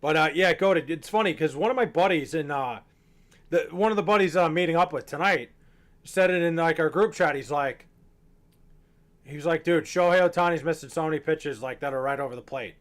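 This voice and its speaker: A man's voice: a little high, a little fast. Rambling, slightly tipsy young man streaming. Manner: rambling, profane, joking. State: a bit tipsy. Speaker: livestreamer. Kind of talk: casual chat to stream chat.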